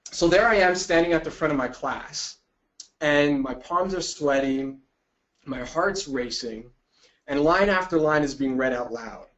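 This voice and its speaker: A man in his thirties with a slightly high voice tells a personal story to educators in an animated way, acting out his reactions as he goes. The recording is dull and lo-fi, like webinar audio. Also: measured pace. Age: 30s. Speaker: webinar presenter.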